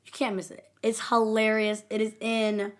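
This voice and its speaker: A woman's voice: a little high, completely flat delivery, normal speed, slight background noise. A woman co-hosting a podcast, chatting casually and animatedly, laughing often and acting out scenes in big voices. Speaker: podcast co-host. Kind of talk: casual chat.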